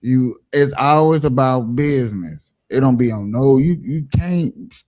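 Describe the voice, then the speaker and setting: Slangy male host with a dark voice. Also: medium pitch, unhurried. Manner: slangy, joking, addresses the audience. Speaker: podcast host. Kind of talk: casual reaction commentary.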